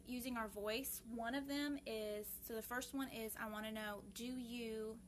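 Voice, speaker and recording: A woman with a fairly high voice speaks at a normal pace, her intonation staying fairly even. She hosts a casual live video on grief support, talking earnestly to viewers with plenty of fillers and restarts.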